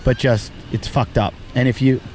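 A man hosting a podcast, telling crude stories in animated, profane casual banter into a studio microphone. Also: medium pitch, moderate pace, slight background noise. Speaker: podcast host.

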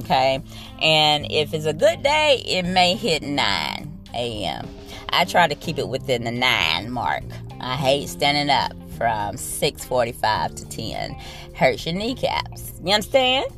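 A low-pitched woman with a gravelly edge tells a work story as a nurse, in a blunt and profane rant. Her delivery swoops up and down with sassy asides to listeners. Faint music plays behind her.

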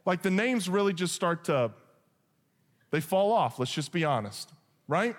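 Animated pastor in a reverberant hall. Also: male voice, high voice, measured pace. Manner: animated, joking, shifts into acted voices for characters. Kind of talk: sermon with humorous storytelling.

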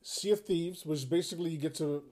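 A man's voice: on the high side, fairly quick, darkish tone, a little hiss or hum. A man in his thirties co-hosting a podcast, chatting casually and telling stories, laughing and acting out his son's lines. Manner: loose, laughing storyteller who acts out his son. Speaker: podcast co-host. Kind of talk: casual chat.

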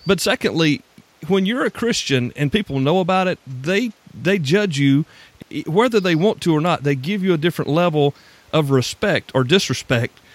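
A man hosting a podcast, telling a story in relaxed, reflective talk. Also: fairly high pitch, moderate pace, no room sound. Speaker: podcast host. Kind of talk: casual conversation.

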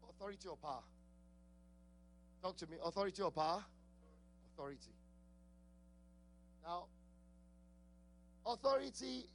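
A man's voice: sits high, a little hiss or hum. A man with an accent preaching a sermon, laughing often, asking the congregation questions and repeating key words. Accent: non-native English accent.

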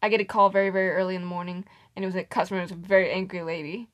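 Talking very fast in a voice on the low side, a young podcast co-host chats casually about her job. She's an animated storyteller who acts out what customers told her and laughs often.

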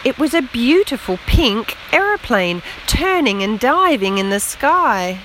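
Slow, gentle woman reading a bedtime story. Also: on the high side, slight background noise, poor audio. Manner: slow, gentle, expressive read-aloud. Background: rain on the roof.

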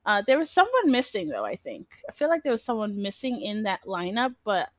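A woman's voice: medium pitch, big pitch swings, a little fast, no echo. A young woman hosting a casual solo podcast, rambling with lots of fillers and restarts and laughing often. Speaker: podcast host.

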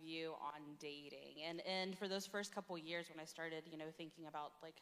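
A woman's voice: sits low, steady tone, normal speed, fairly bright tone, long reverb tail. A young woman giving a chatty, casual talk at a retreat, full of fillers and laughter. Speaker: campus ministry speaker.

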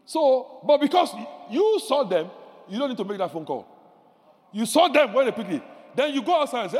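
A male pastor preaching a sermon, animated, shouting decrees and acting out little voices of the people he describes. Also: very high-pitched, normal speed, big-room sound.

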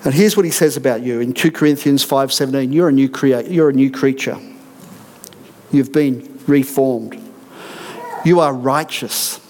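A man's voice: medium pitch, normal speed, darkish tone. Earnest middle-aged man preaching. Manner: earnest, emphatic preaching with repeated declarations. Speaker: senior pastor. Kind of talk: sermon. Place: church auditorium.

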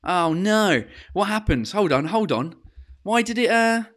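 A man's voice: high-pitched, lively intonation, unhurried, fairly bright tone. A man, a comedian, hosting his live-streamed podcast in casual chat, swearing freely, dropping into French, with plenty of filler sounds. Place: home in lockdown. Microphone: podcast microphone.

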